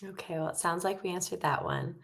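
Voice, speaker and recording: A woman's voice: on the low side, brisk, gravelly. Brief: woman moderator on a video call, easygoing, reading questions aloud. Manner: relaxed, hesitant "um"s while reading questions. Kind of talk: live webinar Q&A.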